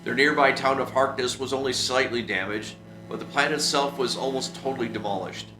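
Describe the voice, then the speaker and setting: A man reading the lines of a male radio news announcer in a measured bulletin delivery. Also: medium pitch, fairly even intonation, close to an everyday voice. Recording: roomy echo with music behind.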